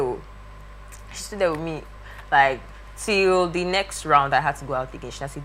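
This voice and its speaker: Bright-voiced young woman storyteller. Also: lowish voice, moderate pace, a little hiss or hum. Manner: lively, acts out quoted voices. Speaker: guest. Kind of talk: animated storytelling.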